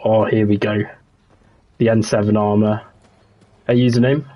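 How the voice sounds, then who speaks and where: Husky man chatting on a stream. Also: on the low side, flat delivery, normal speed, lo-fi sound. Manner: chatty, rambling, with frequent restarts and laughs. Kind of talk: casual livestream chat while gaming.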